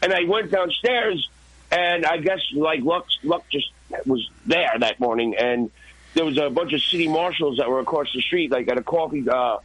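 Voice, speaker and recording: A man, a guest and former radio intern, telling an animated, profane story in a podcast interview. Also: on the high side, normal speed, breathy edge, poor audio. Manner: profane, excited, acts out his own shouts.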